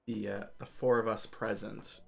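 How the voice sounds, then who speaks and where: Male player, gravelly fry, halting delivery. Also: on the low side, little pitch movement. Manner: hesitant, trails off, restarts. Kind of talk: casual table talk.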